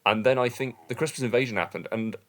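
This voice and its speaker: A man's voice: medium pitch, fast. A young man giving casual, rambling commentary on his old videos, often trailing off and poking fun at himself. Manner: rambling, self-deprecating, trails off. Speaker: channel creator and commentator.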